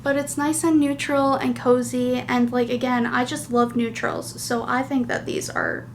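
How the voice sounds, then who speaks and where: A woman's voice: high-pitched, big pitch swings, measured pace, a little hiss or hum. A woman hosting a knitting podcast, chatting casually and gushing, with lots of fillers. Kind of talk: casual chat.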